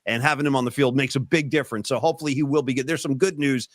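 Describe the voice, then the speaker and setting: A man's voice: mid-range voice, fairly even intonation, racing, no echo, clean studio sound. A man co-hosting a casual sports podcast, ranting emphatically about players and contracts. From San Francisco Bay Area. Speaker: podcast co-host.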